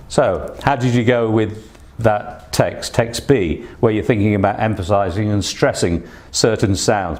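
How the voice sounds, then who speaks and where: A man with a mid-range, a little mellow voice runs an online English exam-prep lesson. Patient and instructive, he drops many "uh" and "um" fillers between his points.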